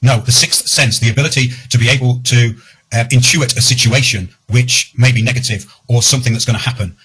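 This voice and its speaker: A man's voice: mid-range voice, steady tone, fairly quick, fairly bright tone, slightly rough, rough recording. A man hosting a livestream chat who reads viewer comments aloud and gives his own view. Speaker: host.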